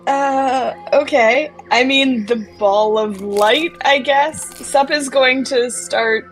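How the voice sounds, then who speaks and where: A woman playing a tabletop role-playing game, talking with hesitant pauses and laughing asides. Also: sits high, faint music behind, rough recording. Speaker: player. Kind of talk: tabletop role-play chat.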